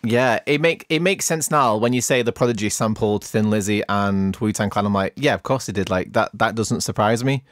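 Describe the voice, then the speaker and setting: A man's voice: on the low side, moderate pace, few pauses, no echo, studio quality. A man hosting a podcast, chatting in a playful, jokey way. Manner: playful, jokey, self-mocking. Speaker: podcast host. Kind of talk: casual chat.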